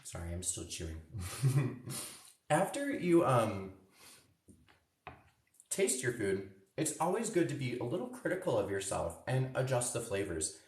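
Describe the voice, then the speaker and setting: A man's voice: medium pitch, huge pitch swings, a little slow, long pauses. Upbeat guy doing a kids cooking demo, roomy kitchen echo, bit far from the mic. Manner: cheerful, chatty, tastes food while talking. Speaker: cooking instructor.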